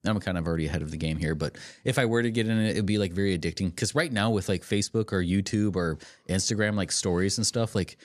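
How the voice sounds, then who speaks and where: A man's voice: sits low, fast talker, few pauses, no echo, clean studio sound. A man co-hosting a podcast in casual chat, rambling with fillers and laughing often. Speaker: podcast co-host.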